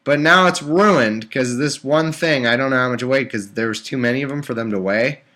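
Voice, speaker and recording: A man reads scripture aloud on a home live stream, picked up by a webcam or desktop mic, stopping now and then for sarcastic, exasperated rants. He speaks briskly in a mid-range voice with a sharp tone.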